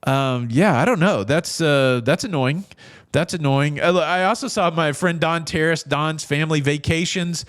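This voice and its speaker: A middle-aged man hosts a casual news commentary, rambling along and breaking into jokey asides. His voice sits a little high for a man. He restarts his sentences often in an easy, chatty way. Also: moderate pace, a bit bright. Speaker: cruise news host.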